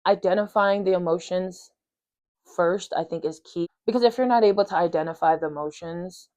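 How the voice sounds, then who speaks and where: An earnest woman hosts a podcast in a lower voice and thinks aloud casually, with many fillers and restarts. Her recording sounds muffled and lo-fi. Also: moderate pace, darkish tone. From Polynesian community. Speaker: podcast host. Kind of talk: reflective casual talk.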